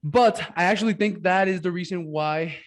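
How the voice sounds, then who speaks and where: A man's voice: high voice, normal speed. A man hosting a podcast over a video call, talking loosely with many fillers. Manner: loose, filler-heavy, says man a lot. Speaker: podcast host. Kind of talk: casual interview chat.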